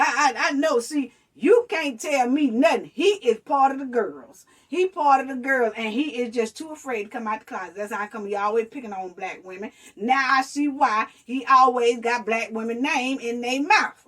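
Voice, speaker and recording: A woman's voice: fairly high pitch, fairly bright tone, far from the mic. A woman giving sassy casual reaction commentary as a vlogger, calling her viewers honey and baby.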